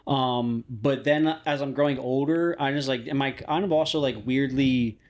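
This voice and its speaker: A man's voice: medium pitch, normal speed, a little mellow. A young man hosting a podcast, telling stories in a rambling, casual way with frequent laughs and restarts. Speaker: podcast host. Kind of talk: casual chat.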